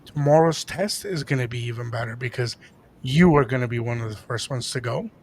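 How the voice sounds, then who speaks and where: A man co-hosting a podcast, telling a story in a casual, animated way and dropping into Spanish now and then. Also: mid-range voice, a little fast. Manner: animated, jumps into impressions, code-switches into Spanish. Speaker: podcast co-host and DJ.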